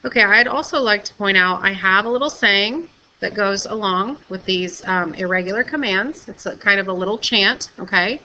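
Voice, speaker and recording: A woman teacher explains things patiently and clearly in a recorded video lesson, often checking in with "okay?". Her medium-pitched voice is bright and forceful at a normal speed, though the recording is muffled.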